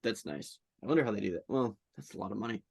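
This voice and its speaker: A man's voice: on the low side, expressive, quick pace, vocal fry, darkish tone, slightly rough, no echo. A man co-hosting a podcast, chatting casually with dry, teasing quips. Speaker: podcast co-host. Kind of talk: casual chat.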